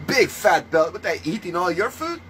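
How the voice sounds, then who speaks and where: A man's voice: sits high, slight background noise, low-quality recording. Fiery, foul-mouthed preaching man. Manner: ranting, scornful, swears a lot; shifts between calm teaching and loud outbursts. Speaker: self-styled religious preacher. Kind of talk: profane preaching monologue.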